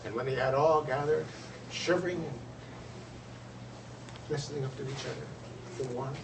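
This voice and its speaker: A man telling a traditional folk tale aloud in an expressive storyteller's manner. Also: medium pitch, moderate pace, noisy background. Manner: expressive, lively voices for characters. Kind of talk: oral storytelling. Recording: roomy, distant, faint ambience.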